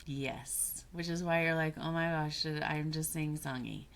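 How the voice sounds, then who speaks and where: A woman with a notably low voice speaks as a podcast guest. She talks thoughtfully and unhurriedly, stopping to rephrase and search for the right words as she explains an idea. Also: measured pace. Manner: thoughtful, searching for words, restarts mid-phrase. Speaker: guest, business coach. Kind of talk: reflective podcast conversation.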